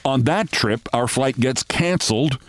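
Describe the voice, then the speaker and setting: A man in his sixties, hosting and telling a brisk anecdote, acting out the dialogue of the people in it. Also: mid-range voice. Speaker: host. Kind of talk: anecdotal storytelling monologue.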